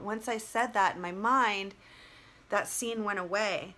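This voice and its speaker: A woman vlogger telling a personal story in a casual, animated way, with lots of fillers and free swearing. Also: medium pitch, measured pace.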